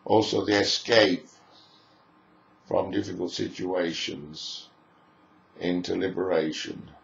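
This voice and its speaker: Man, lecturer, deep gravelly voice, musing list-like delivery, echoey room recording. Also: steady tone, slow, a little hiss or hum. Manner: musing, piles up lists of phrases. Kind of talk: spoken lecture. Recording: echoey room, dull lo-fi sound.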